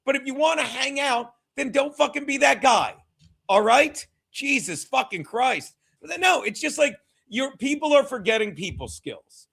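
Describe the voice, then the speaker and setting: A man hosting a casual sports watchalong live stream. He reads chat aloud, laughs a lot, swears freely and sometimes shouts at viewers. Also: extremely high pitch, lively intonation, normal speed, vocal fry, slightly rough.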